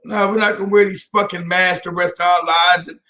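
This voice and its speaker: High, bright-voiced man hosting loudly. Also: brisk, a little hiss or hum. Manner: loud, animated, frequent laughter, blunt. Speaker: host. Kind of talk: casual chat.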